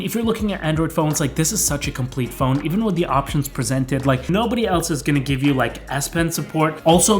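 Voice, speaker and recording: A man in his thirties talking casually to camera as a tech vlogger, relaxed and chatty with plenty of fillers. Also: a little high. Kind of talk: casual vlog talk to camera.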